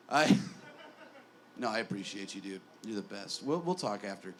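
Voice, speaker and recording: A man's voice: on the low side, expressive, moderate pace. Guy in his 20s doing standup at a bar, rambly, self-mocking, trips over his words, bit of faint noise behind. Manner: rambling, self-deprecating, with stammered restarts. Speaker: stand-up comedian. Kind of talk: stand-up comedy set. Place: small bar.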